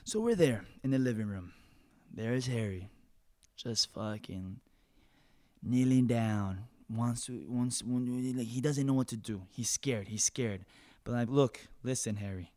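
Improv comedy: a man plays a profane, short-fused factory guy who rants and yells. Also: mid-range voice, measured pace, lightly acted. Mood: ranting. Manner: profane ranting, bursts into shouting. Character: foul-mouthed, hot-tempered male factory worker. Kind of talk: improvised comic storytelling in character.

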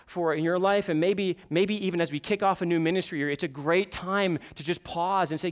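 A man's voice: sits high, fairly quick, few pauses, fairly bright tone. A male pastor preaching a sermon in a church, earnest and repeating his questions for emphasis.

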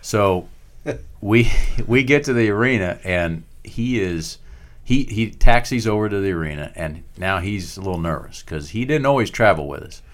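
A man's voice: fairly low pitch, lively intonation, normal speed. A man casually recalling old team stories, easygoing and laughing as he talks. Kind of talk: storytelling in casual chat.

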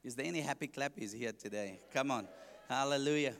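A man's voice: medium pitch, brisk, vocal fry, fairly bright tone, big-room sound. A man with a South African accent, an evangelist preaching his testimony to a congregation, joking and asking the listeners questions.

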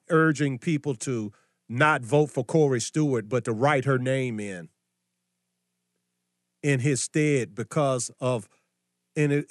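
A man's voice: on the high side, no echo. Combative preachy male commentator, dry sound. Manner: combative, scolding, rhetorical questions. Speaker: political commentary host.

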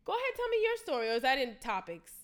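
A young woman telling a story in casual chat, slangy and animated, acting out the quotes. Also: high voice, very fast.

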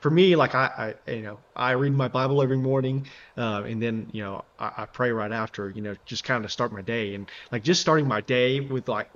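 A man's voice: mid-range voice, fairly quick, fairly bright tone. Male co-host, earnest and chatty, filler-heavy, muffled recording. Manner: earnest, heavy use of "you know" and "like". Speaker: podcast co-host. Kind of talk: casual faith discussion.

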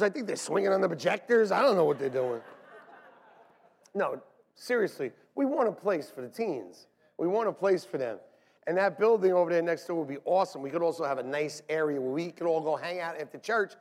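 A middle-aged man, a pastor, preaching a lively, joking sermon to his church. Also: high-pitched. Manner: animated, joking, shouts and laughs between points. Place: church sanctuary. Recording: long hall reverb.

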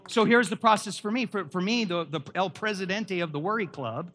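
A man preaching a lively sermon at a church, emphatic and quizzing the congregation with questions. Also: high voice, fairly quick. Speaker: pastor.

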